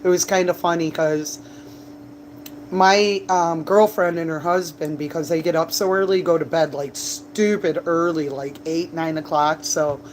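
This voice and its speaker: Chatty woman livestreaming, slightly low voice. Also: fairly even intonation, unhurried, slight background noise. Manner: chatty, rambling, laughs and coughs between stories. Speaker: livestreamer and bartender. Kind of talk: casual livestream chat. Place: bar, indoors.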